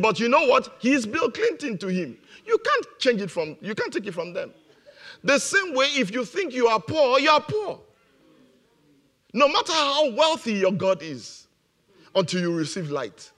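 A man's voice: extremely high pitch, very animated, normal speed, fairly bright tone. A man preaching a motivational sermon, emphatic and repeating his key phrases, laughing now and then at his own jokes.

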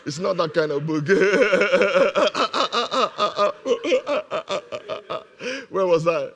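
A man's voice: high-pitched, extremely slow, a bit bright. A man preaching a motivational sermon, emphatic and repeating his key phrases, laughing now and then at his own jokes.

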